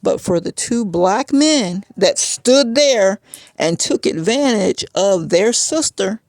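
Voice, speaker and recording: Gravelly-voiced woman, agitated personal rant. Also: mid-range voice, lively intonation, slow pace, darkish tone, no echo. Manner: agitated, frustrated storytelling.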